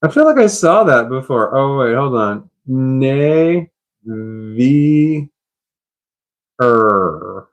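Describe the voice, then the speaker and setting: A man's voice: mid-range voice, expressive, very slow. A man chatting on a live stream, puzzled and rambling, laughing at himself.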